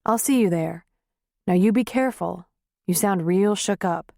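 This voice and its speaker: A woman doing a gentle, caring boyfriend. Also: medium pitch, creaky, no echo, studio quality, close to an everyday voice. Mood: soothing. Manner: soft, soothing, unhurried.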